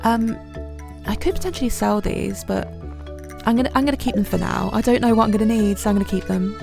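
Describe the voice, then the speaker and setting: Woman, gravelly, mid-pitched, chatty game commentary, soft music behind. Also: quick pace. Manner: chatty, many ums, self-deprecating. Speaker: gaming channel host. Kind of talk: gameplay commentary.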